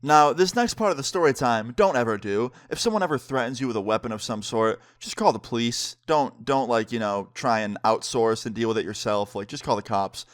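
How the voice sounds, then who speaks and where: A man's voice: medium pitch, brisk, hardly any pauses, dry recording, clean studio sound. A young man narrating a storytime vlog in a casual, slangy way, full of "like" and "dude", acting out both sides of each conversation. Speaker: vlogger.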